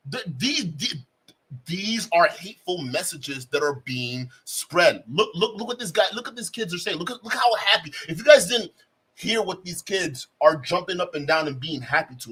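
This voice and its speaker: A man streaming live, reacting to a clip with animated, mocking commentary. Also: high-pitched, slightly rough, rough recording. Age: adult, has a child. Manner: animated, mocking, breaks into laughter.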